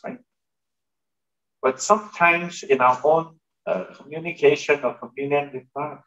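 A man's voice: medium pitch, a bit bright, highs cut off. A male pastor giving a sermon in a conversational way, turning to the congregation with asides and questions. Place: church hall.

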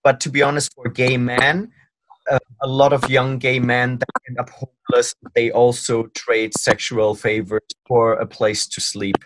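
A man who is not an English speaker, talking in an earnest, animated way, ranting during a casual panel discussion. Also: mid-range voice, background noise. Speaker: panel guest.

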